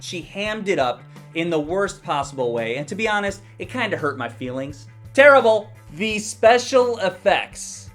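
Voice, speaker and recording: A man's voice: on the high side, expressive, moderate pace, fairly bright tone, soft background music. Heated, profane young male movie critic. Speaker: movie reviewer. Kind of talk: ranting movie review.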